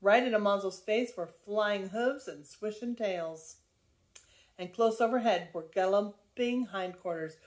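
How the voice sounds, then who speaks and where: An older woman, a grandmother, reading a children's book aloud in a lively, expressive way. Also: medium pitch, a little slow.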